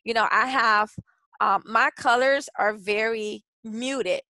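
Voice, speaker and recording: A woman's voice: on the high side, takes it slowly, bright, forceful tone, no echo, low-quality recording. A woman presenting a branding workshop in a chatty, casual way, with frequent restarts and fillers. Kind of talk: casual webinar teaching.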